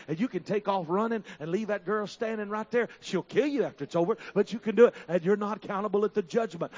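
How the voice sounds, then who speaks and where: A high-pitched man in his fifties delivers a church sermon, moving between folksy storytelling and shouted, drawn-out climaxes. The recording sounds dull and lo-fi, as if captured from a church service. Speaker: preacher.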